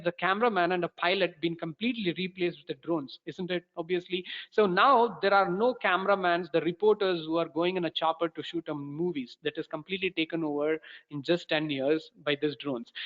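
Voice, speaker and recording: A man with an Indian English accent walks through a software demo in a webinar, talking in halting bursts full of restarts. His voice sits fairly high for a man. The sound is dull and lo-fi, with a long roomy reverb. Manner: halting, many fillers and restarts. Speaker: course instructor.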